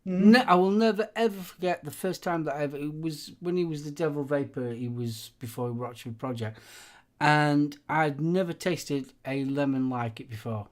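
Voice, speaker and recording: A middle-aged man co-hosting a live stream, chatting casually in a rambling, halting way, full of ums and restarts. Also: on the high side. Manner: rambling, halting, many fillers. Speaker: livestream co-host. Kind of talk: casual chat, sharing favourites.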